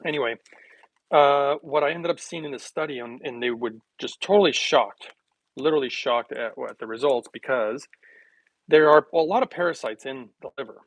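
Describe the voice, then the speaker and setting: A man hosting a casual health livestream, rambling and joking with viewers, laughing often while making a smoothie in his kitchen. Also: mid-range voice, moderate pace, long pauses, rough recording.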